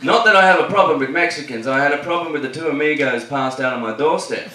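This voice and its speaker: A man's voice: a little high, fast. A man with an Australian accent doing a stand-up set at a comedy club, telling cheeky, swear-filled stories. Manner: cheeky, swears a lot, tells story jokes. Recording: echoey club, distant mic, noisy.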